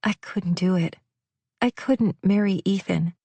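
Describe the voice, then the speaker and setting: A woman's voice: medium pitch, measured pace, mellow, breathy edge, no echo. A woman voicing a polite, earnest young woman who speaks shyly. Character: young woman, polite, shy, runaway bride.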